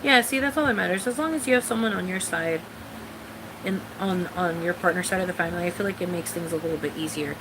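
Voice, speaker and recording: A woman's voice: fairly low pitch, fast talker, noisy background. A young woman from Mexico ranting bluntly and profanely in a casual live-stream chat. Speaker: vlogger.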